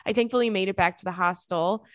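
A young woman hosting a podcast, reading listener emails aloud and reacting with sassy, animated commentary. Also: medium pitch, fast talker, dry recording. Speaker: podcast host.

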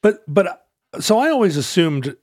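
A man's voice: high-pitched, big pitch swings, moderate pace, darkish tone, no room sound, clean studio sound. A man in casual chat who asks questions and throws in wry jokes. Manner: wry, joking interjections and questions.

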